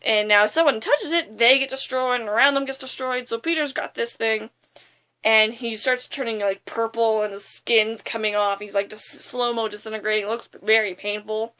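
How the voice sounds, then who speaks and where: A young woman casually retelling a movie's plot in a rambling, excitable way, with lots of fillers. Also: on the high side, normal speed. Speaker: movie reviewer.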